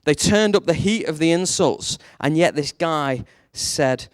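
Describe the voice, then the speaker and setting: A man preaching a sermon, telling a story and leaning on rhetorical questions, his voice jumping up high for emphasis. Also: measured pace, no room sound, studio quality. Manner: storytelling, animated, rises sharply for emphasis.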